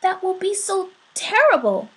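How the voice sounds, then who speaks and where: An eager, wide-eyed little soul from a storybook, voiced by a woman reading aloud, speaking in a very high, bright voice. It sounds excited and pleading, bursting with innocent wonder. Its delivery stays unhurried and gentle. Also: full character voice.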